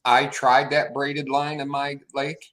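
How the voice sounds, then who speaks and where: A man's voice: medium pitch, little pitch movement, takes it slowly, fairly bright tone. A man co-hosting a casual talk show, joking and teasing his friends. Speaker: podcast co-host. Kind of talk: casual chat.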